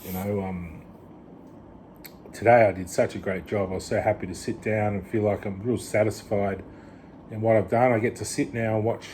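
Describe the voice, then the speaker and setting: A man rambles through a casual vlog monologue, restarting his sentences and dropping in "you know". His voice sits low and mellow. Faint background noise runs underneath. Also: fairly even intonation, normal speed. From Australia. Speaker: vlogger.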